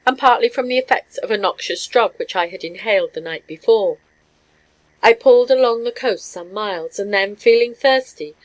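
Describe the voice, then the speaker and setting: A woman giving a measured, scripted narration of a story. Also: on the high side, rough recording. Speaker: audiobook narrator.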